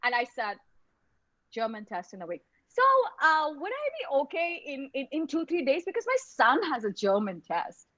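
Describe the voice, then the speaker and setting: A woman tells her own story in a web lecture, halting and repeating words as she goes, heard over a video call microphone. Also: high voice, very animated, a bit bright, no room sound, lo-fi sound.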